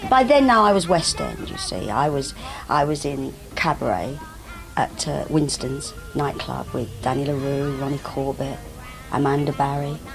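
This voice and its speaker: An older woman telling lively stories about her stage career, often acting out the voices of other people. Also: rumbling low, normal speed, vocal fry, music in the background, poor audio. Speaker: interviewee, actress recalling her career. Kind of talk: anecdotal reminiscing. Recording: old VHS broadcast tape.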